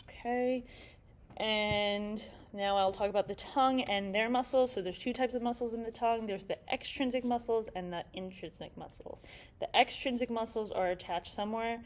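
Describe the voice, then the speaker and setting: A young woman giving a classroom presentation on speech anatomy, halting and filling pauses with "um" as she goes. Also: on the high side, steady tone. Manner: halting, many fillers and restarts.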